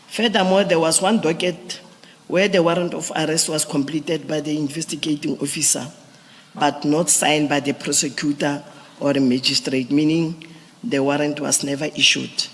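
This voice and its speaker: Man, formal testimony, halting, gravelly, husky, echoey hearing room. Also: on the high side, fairly even intonation. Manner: halting, restarts and explains procedure step by step. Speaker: police witness at a commission hearing.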